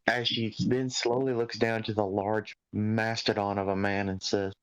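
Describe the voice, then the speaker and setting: A man's voice: lowish voice, level tone, normal speed, hardly any pauses, smooth, low-quality recording. A man playing a tabletop role-playing game, moving playfully between narrating his character's actions and speaking her lines. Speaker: player.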